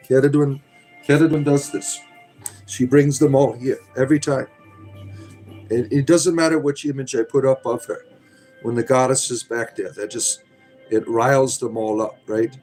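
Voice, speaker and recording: A man's voice: mid-range voice, a little mellow. A middle-aged man hosting a casual livestream, reading chat aloud in a rambling, sardonic, irreverent way.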